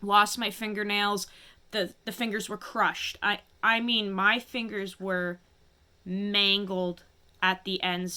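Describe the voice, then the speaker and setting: A woman telling a painful personal story to camera, halting and emotional, often stopping to steady herself. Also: mid-range voice. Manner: halting, emotional, many restarts and pauses. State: fighting back tears. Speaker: vlogger.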